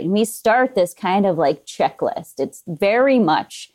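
A woman speaks as a guest on a casual podcast, friendly and matter-of-fact. Her voice sits at an ordinary pitch. She laughs easily between points. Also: expressive, unhurried, hardly any pauses, darkish tone. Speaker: guest, veterinary anesthesia technician. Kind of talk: casual chat.

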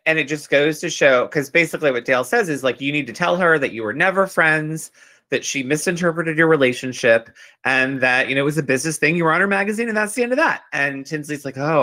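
Bright-sounding guy, gossipy podcast cohost, animated and a bit sweary. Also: a little high, fairly quick. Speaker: podcast co-host. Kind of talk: casual chat recapping a reality show.

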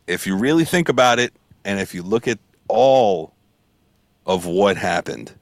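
A man chatting casually on a podcast, teasing his co-host in a playful, lively way. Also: fairly low pitch, measured pace, no room sound, clean studio sound. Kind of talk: casual chat.

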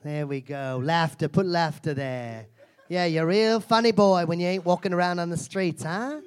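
A man's voice: fairly high pitch, moderate pace, clean tone, lightly acted. A man playing a crude, foul-mouthed lady self-help guru. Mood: brash. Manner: crude, mocking, insulting the audience. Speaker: comedian performing a character. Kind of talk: live stand-up character act.

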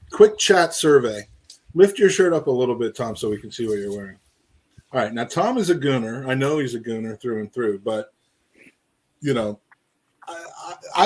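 A male co-host of a casual football podcast, talking in a loose, jokey ramble. His voice sits at an ordinary middle pitch, and he keeps calling out to listeners in the live chat. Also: darkish tone, husky.

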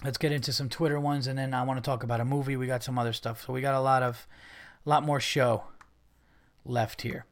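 A man's voice: medium pitch, steady tone, a little fast, no echo. Rambling, profane male podcast host. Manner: rambling, profane, frequent fillers and restarts. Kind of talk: casual podcast monologue.

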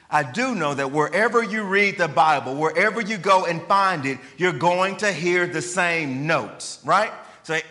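A man's voice: fairly high pitch, pushed and bright. A male pastor preaching a sermon in a conversational way, often putting questions to the congregation. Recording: long reverb of a large hall.

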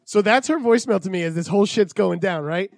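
A man's voice: high-pitched, quick pace, creaky. A man in his thirties in casual podcast chat, telling a story with lots of swearing and acting out what people said. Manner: profane, animated, acts out quotes. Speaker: podcast co-host.

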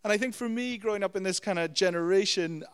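A man's voice: high-pitched, quick pace, smooth. Man preaching in a reverberant hall. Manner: animated storytelling with repeated "you know" and "okay?". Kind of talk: sermon.

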